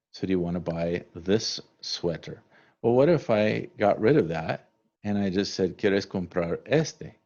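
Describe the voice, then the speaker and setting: A man teaching a language lesson from slides, relaxed and conversational with many fillers. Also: low voice. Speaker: Spanish teacher. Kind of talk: recorded slide lecture. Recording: dull lo-fi recording.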